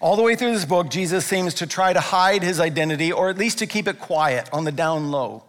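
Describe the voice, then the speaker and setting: A man's voice: high-pitched, fairly quick. Man preaching in a reverberant hall. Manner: animated storytelling with playful quoted voices. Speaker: pastor. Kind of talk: sermon. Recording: long reverb of a large room.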